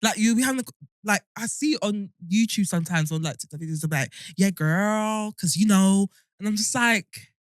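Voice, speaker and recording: A young British woman co-hosting a podcast, chatting casually in an animated, teasing way. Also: medium pitch, no room sound, studio quality. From United Kingdom. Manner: animated, teasing, quick to laugh. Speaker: podcast co-host. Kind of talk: casual chat.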